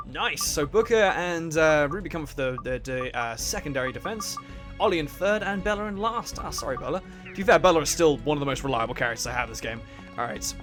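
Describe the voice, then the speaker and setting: A man gives loose, joking commentary while he plays a video game and swears freely. His voice sits fairly high and swings up and down a lot. Game music plays faintly underneath. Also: lively intonation, a little fast. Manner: rambling, joking, swears a lot, laughs often. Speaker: let's play host. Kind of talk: casual gameplay commentary.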